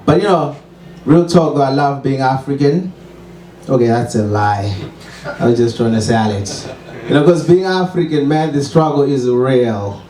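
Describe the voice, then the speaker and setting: Heard from some distance in a roomy space, a Zimbabwean-accented comic performs dry, self-mocking material at a small open mic, his voice ringing around the room. He has a medium-pitched, warm voice and chuckles at his own jokes now and then.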